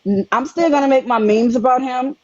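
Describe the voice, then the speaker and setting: A woman guest on a livestream who speaks in an earnest, halting way and often repeats her words. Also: high-pitched, a little mellow. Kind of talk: casual chat. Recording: dull, dry lo-fi sound.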